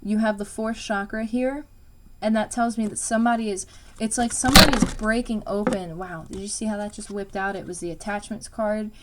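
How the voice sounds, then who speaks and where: A woman's voice: mid-range voice, steady tone, fairly quick, very noisy. A woman giving a casual spoken tarot reading, rambling and emphatic, with lots of fillers and frequent swearing. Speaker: tarot reader.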